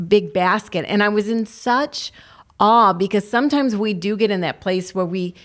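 A woman's voice: mid-range voice, normal speed. A woman co-hosting a broadcast program, chatting casually and telling a story. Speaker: co-host. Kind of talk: casual chat.

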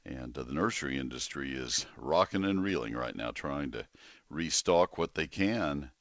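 An older man hosting a call-in garden radio show, chatty and folksy with lively exclamations. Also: a bass voice, moderate pace, no echo, highs cut off. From Texas.

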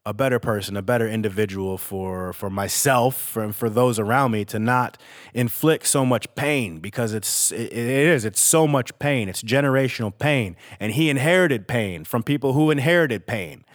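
A man's voice: mid-range voice, moderate pace. A man hosting a podcast, talking in a candid, rambling, emotional monologue and swearing freely. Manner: emotional and reflective. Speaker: podcast host. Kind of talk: casual spoken monologue.

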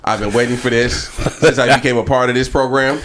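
A man co-hosting a casual podcast, excitable and hyped up. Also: medium pitch, fairly quick, slight background noise. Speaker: podcast co-host. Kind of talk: casual chat.

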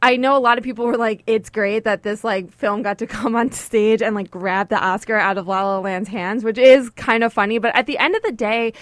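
A woman co-hosting a casual podcast chat, telling a story with lively voice-acting of the people in it. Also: on the high side, brisk, hardly any pauses, dry recording. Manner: animated storytelling, mimics voices. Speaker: podcast co-host.

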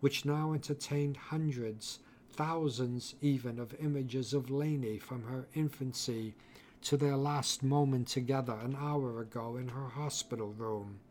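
Male audiobook narrator, mid-pitched, unhurried and deliberate, over faint music. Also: steady tone, a little mellow, slight background noise. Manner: measured, deliberate delivery.

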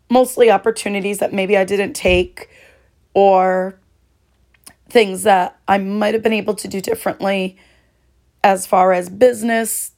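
A woman hosting her own podcast, talking alone in a heartfelt, reflective way, her voice hoarse and cracking. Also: mid-range voice, darkish tone. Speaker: podcast host. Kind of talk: solo podcast monologue.

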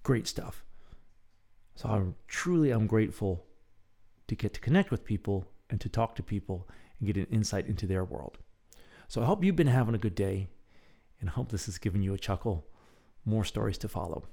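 A man hosting his own podcast, telling rambling everyday stories with chuckles and restarts, then slowly and softly guiding a breathing exercise. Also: lowish voice, expressive, gravelly. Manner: slow and soft when guiding breathing. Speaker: podcast host. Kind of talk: casual storytelling, then a guided breathing exercise.

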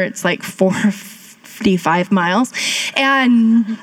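A woman pastor in her thirties tells her sermon as a chatty, self-mocking story, acting out the voices she quotes. Her voice sits a bit high for a woman. She talks to a church congregation. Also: big pitch swings, moderate pace.

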